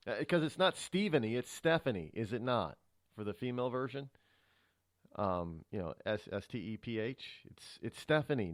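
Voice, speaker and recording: A man's voice: medium pitch, no room sound. A man hosting a political talk radio show, musing aloud and rambling with many restarts, from a studio microphone.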